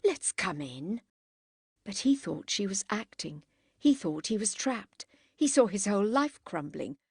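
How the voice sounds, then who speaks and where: A woman narrating a classic novel as an audiobook in a measured, expressive way. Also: mid-range voice, slightly rough, no room sound, clean studio sound. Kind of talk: scripted narration.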